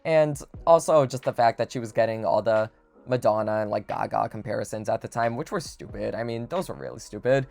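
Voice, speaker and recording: A man's voice: on the low side, a little fast, creaky, a little mellow. A man reviewing and ranking pop songs in a casual vlog, gushing and dramatic, saying "like" constantly. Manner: gushing, dramatic, heavy use of "like". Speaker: music reviewer. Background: faint background music.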